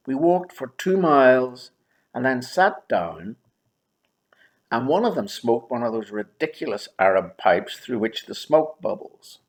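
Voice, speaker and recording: Slow, wry older man telling a story. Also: mid-range voice. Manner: wry, dryly humorous, with pauses and drawn-out words. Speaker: memoir narrator. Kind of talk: reflective first-person storytelling.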